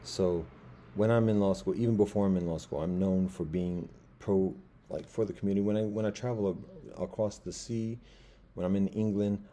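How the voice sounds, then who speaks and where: Man, fifties, low-pitched, halting and repetitive, faint background hum. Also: fairly even intonation, mellow. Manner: halting, repeats words and restarts sentences. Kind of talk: rambling personal monologue.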